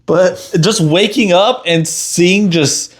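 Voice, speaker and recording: A young man with a fairly high voice co-hosts a casual podcast. He talks in a laid-back, teasing way and breaks into laughter easily. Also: slow. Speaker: podcast co-host. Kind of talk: casual chat.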